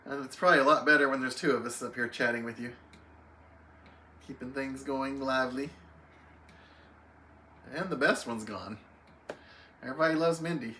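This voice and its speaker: A man's voice: mid-range voice, normal speed, pauses often, pushed and bright, a little hiss or hum. A man hosting a casual livestream, greeting viewers one by one by name and chatting easily while reading the chat. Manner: friendly, reads chat names aloud, chatty. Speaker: livestream host. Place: home, alone on a live stream.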